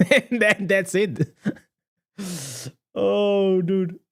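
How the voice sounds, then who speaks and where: A man giving casual, excitable reaction commentary as a gaming content creator, chatty and laughing often. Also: sits high, very slow, gravelly.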